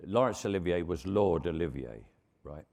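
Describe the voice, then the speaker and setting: An older man with a London Cockney accent, a veteran actor telling anecdotes on stage as a relaxed raconteur. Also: low-pitched, normal speed. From England. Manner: relaxed raconteur, frequent restarts and chuckles.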